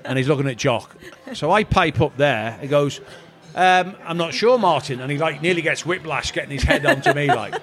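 A man's voice: a little high, brisk, few pauses, crowd noise. A middle-aged man, a former footballer telling rambling anecdotes in casual chat. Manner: rambling anecdotal, quotes others in voices. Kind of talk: storytelling chat.

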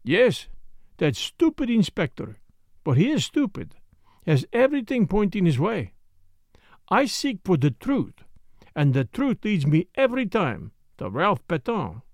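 Fussy older detective, excitable and exacting, put on by a male audiobook reader; dry, close sound. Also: high-pitched, unhurried, no echo, full character voice. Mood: grave. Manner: precise, emphatic, muttering to himself. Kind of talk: audiobook character voice.

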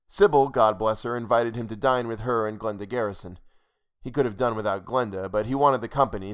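A man narrates a short story in a steady, measured way. His voice sits at a middling pitch for a man, and the telling stays even. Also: smooth. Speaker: podcast narrator. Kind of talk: scripted fiction narration.

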